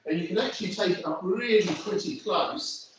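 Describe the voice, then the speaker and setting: Give me a chatty photography lecturer, recorded from across an echoey studio. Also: male voice, high voice, normal speed. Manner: chatty and rambling, many fillers. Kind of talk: casual studio demonstration to students. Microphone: phone camera from across the room. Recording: roomy, distant, dull audio with faint noise.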